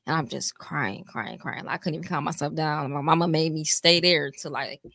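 A woman's voice: low-pitched, a little fast, gravelly, fairly bright tone. A young woman recounts a painful night rawly and without polish. The mic is close and the room is dry, with no reverb. She swears casually as she talks. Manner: raw emotional recollection with casual swearing. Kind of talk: casual chat.

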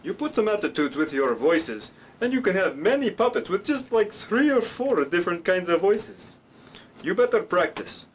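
Man, rambling puppetry instructor, playful, slightly high, light hiss. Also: sing-song, normal speed. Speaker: puppetry teacher.

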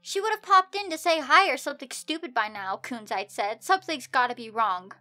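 A young woman reading fan fiction aloud as a comedic dramatic reading, breaking off to shout her exasperated disbelief. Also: high voice, expressive, fairly quick. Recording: soft music bed underneath.

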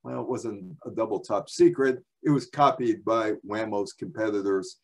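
A man's voice: fairly low pitch, moderate pace, darkish tone. A man, probably in his sixties, from the New York area, giving a chatty library talk with slides, full of asides and rhetorical questions. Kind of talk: storytelling presentation with slides.

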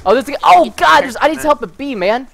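A young man is commenting on a shooter match he is playing, his voice jumping up and down in pitch. He laughs often and breaks into shouts when things go wrong. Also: lively intonation, fast, creaky. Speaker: gaming channel host. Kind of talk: excited gameplay commentary.

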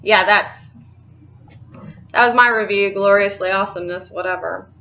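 A woman's voice: mid-range voice, fairly even intonation, normal speed, pushed and bright, muffled recording. A young woman, chatting casually and rambling about books she bought, laughing easily. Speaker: book vlogger. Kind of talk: casual chat.

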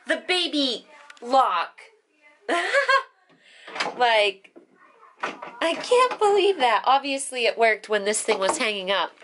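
A woman's voice: a little high, animated, slow, long pauses, background noise. A young woman talking casually to her vlog camera at home and cooing at her baby son. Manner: chatty, coos and baby-talks to her son. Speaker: vlogger and mother. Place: home, indoors.

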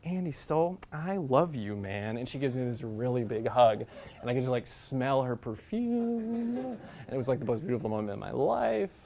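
This guest speaker in a university classroom is a man in his thirties with a creaky, medium-pitched voice. He tells humorous personal stories at his own expense, chatting freely and often falling back on "like."

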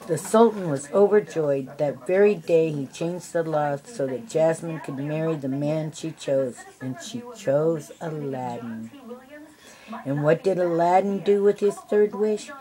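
An older woman reading a children's storybook aloud, adding gentle asides for the listening kids. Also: deep voice, unhurried, poor audio. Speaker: storybook reader.

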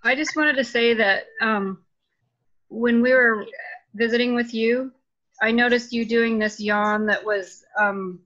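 A bright, fairly high-voiced woman speaks up in a group class, appreciative and hunting for the right words. The sound is dull and lo-fi. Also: steady tone, a little slow. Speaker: class participant.

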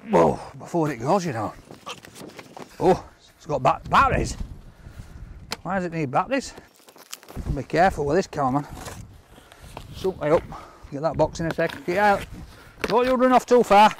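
A man with a Hull accent chatting excitedly to camera as a vlog host, exclaiming a lot. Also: fairly high pitch, normal speed, pauses often, a little hiss or hum. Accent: Hull, East Yorkshire. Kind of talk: casual vlog chat.

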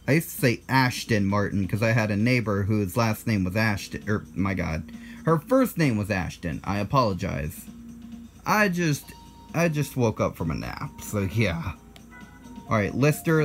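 A man in his twenties with an American accent hosts his own video, talking casually in a blunt, defensive way and correcting himself in asides. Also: on the low side. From United States. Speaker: channel host.

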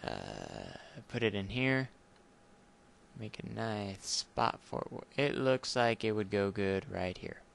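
Young man, gamer commentary, slow and smooth, low voice, rambling and apologetic. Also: very animated. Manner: rambling, self-consciously awkward, apologetic. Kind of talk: casual let's play commentary.

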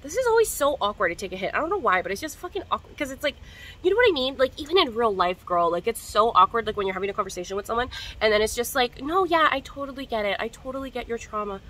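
A woman's voice: on the high side, big pitch swings, rapid-fire, fairly bright tone, rough recording. A young woman vlogger in casual chat to camera, slangy and profane, coughing now and then. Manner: chatty, slangy and profane, coughing between hits.

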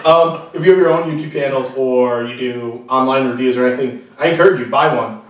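A man's voice: mid-range voice, a little fast, slight background noise. A man co-hosting a casual group chat, laid-back, joking and self-deprecating. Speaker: co-host. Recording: echoey room, mic at a distance.

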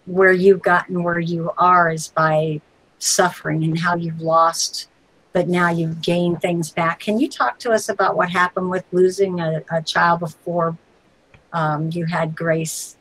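A woman hosting a casual interview, speaking earnestly about faith and gently asking her guest personal questions. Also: on the low side, little pitch movement, a little slow, low-quality recording. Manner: earnest, preachy, gently probing. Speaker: host.

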